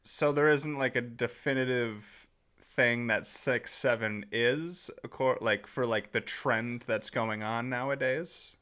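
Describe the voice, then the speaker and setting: A young man co-hosting a podcast in casual chat, talking haltingly with many restarts and laughs. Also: medium pitch, sharp tone, clear, resonant tone. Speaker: podcast co-host.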